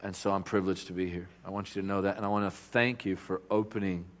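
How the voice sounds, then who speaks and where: A man preaching as a guest speaker in a church. He tells a story with lots of animation, chuckles often, and breaks into loud bursts. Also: deep voice, level tone, fast. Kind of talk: storytelling sermon.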